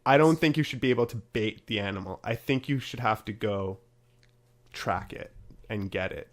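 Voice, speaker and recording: A man's voice: fairly low pitch, normal speed. Chatty podcast host man. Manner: chatty, upbeat promo delivery. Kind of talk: casual podcast chat.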